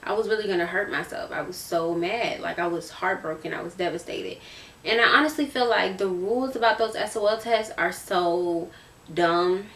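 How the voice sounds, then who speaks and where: This Virginia vlogger in her late teens tells an emotional, casual story straight to camera, with frequent repetition for emphasis. Her lowish voice is a bit bright and moves at a moderate pace. The sound is roomy and she seems distant from the mic.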